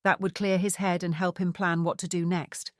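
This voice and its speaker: A woman reading a mystery novel aloud in a steady, even narration. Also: on the low side, normal speed, no room sound, studio quality. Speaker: audiobook narrator. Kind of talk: scripted narration.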